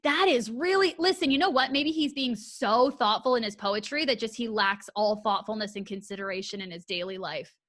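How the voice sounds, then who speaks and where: A woman hosting a casual podcast interview, gushing and excitable, swearing freely. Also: fairly high pitch, fairly quick, hardly any pauses. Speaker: podcast host.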